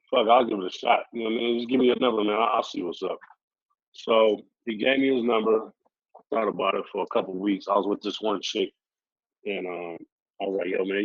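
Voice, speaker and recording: A man's voice: lowish voice, dry recording. Laid-back man telling street stories. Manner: laid-back, profane street slang, acts out quoted dialogue. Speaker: podcast guest. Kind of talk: casual storytelling interview. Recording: dry, slightly muffled audio.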